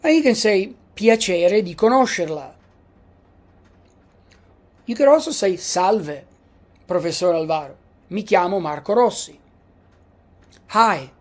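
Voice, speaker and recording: A woman's voice: medium pitch, animated, unhurried, pauses often. A woman giving a classroom lecture as a language teacher, patiently repeating each example.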